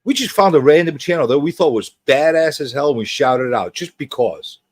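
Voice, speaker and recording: A man's voice: on the high side, lively intonation, brisk, husky, no echo. A man hosting a casual livestream chat, greeting viewers one by one with a rambling, teasing, joking manner. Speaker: host.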